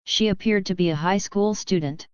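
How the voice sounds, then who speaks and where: A woman narrating a web novel audiobook in a steady storytelling voice. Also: mid-range voice, normal speed, clear, resonant tone, no echo, lo-fi sound. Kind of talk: scripted narration.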